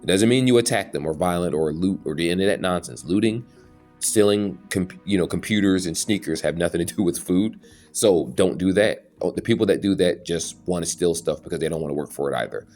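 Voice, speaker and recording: Low-voiced man ranting earnestly on camera. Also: quick pace, darkish tone, soft background music. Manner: earnest, preachy, with some stumbles and restarts. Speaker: YouTube channel host. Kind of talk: casual opinion monologue.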